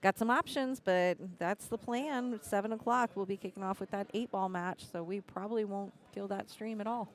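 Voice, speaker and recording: With a medium-pitched voice at normal speed and few pauses, a stream co-host lays out the upcoming matches in a pool tournament. She keeps it informative and laughs easily.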